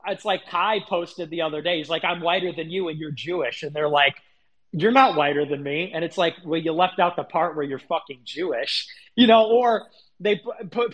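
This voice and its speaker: A man's voice: fairly high pitch, fairly bright tone. Indignant profane man ranting on a stream. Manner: indignant, profane, repeats himself. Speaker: livestream host. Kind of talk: heated ranting monologue.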